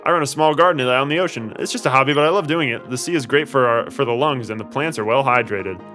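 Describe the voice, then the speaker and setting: A man's voice: medium pitch, quick pace, pushed and bright, faint music behind, close to an everyday voice. A man reading out the lines of a cheerful young woman gardener in his own voice while playing a game.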